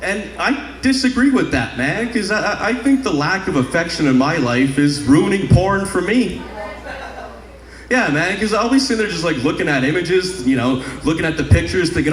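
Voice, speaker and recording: A man's voice: fairly high pitch, expressive, normal speed. A young man doing a crude stand-up comedy set on a club stage, rambling into a handheld mic with sung bits. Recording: echoey live club room.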